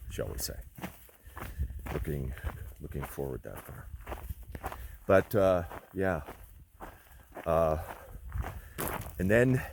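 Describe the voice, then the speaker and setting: A man hiking outdoors and talking into his camera, rambling and reflective with lots of pauses and fillers. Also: sits low, slight background noise. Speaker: long-distance hiker vlogging. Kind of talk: casual spoken trail diary.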